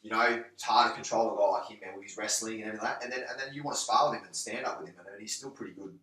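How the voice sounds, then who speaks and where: An English-accented man talks fast and forcefully in a casual podcast chat, tripping over his restarts as he makes his point. His voice has a bright, hard edge. He sounds set back from the mic in an echoey room. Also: on the low side, steady tone, recorded from a distance. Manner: rapid, emphatic, many restarts and swearing. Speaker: guest, MMA gym owner and coach.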